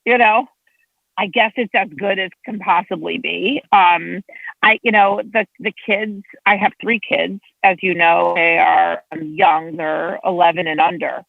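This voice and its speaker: In a slightly slow voice with vocal fry, a woman legislator at the state level chats as a guest and tells lively stories, her pitch swinging a lot. The recording is dry and sounds tinny, like a phone.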